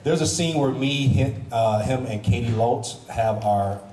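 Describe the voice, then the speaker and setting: As a guest on a panel in a large convention hall, a man tells stories animatedly, laughing and restarting often. His mid-range voice is mellow and a little slow, recorded from far off in a noisy, echoey hall.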